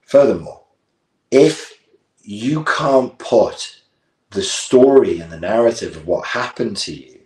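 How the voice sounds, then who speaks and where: Deep-voiced guy, blunt coach talk, roomy echo. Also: dark tone. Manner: blunt, emphatic, acts out therapist-client dialogue. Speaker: life coach. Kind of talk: direct-to-camera talk.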